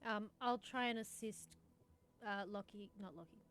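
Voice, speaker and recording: A woman's voice: mid-range voice, moderate pace, a bit bright. A woman playing a tabletop role-playing game online, chatting casually about her rolls. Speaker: player.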